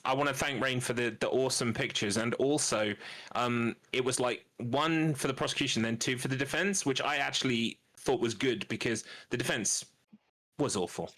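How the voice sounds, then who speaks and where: A British man chatting on a stream call in a relaxed, measured way. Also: medium pitch. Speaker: co-streamer guest. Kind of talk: casual chat.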